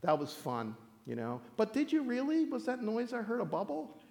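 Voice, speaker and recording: High-voiced joking pastor in a hall. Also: male voice, moderate pace, vocal fry. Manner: animated, joking, acts out voices and laughs often. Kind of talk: sermon told as a playful campfire story.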